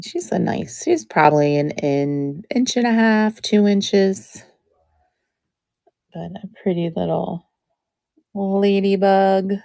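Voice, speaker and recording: A woman hosting a live jewelry auction stream, chatting in a relaxed way as she describes each piece, with many ums. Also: mid-range voice, slow pace, gravelly, long pauses, no room sound.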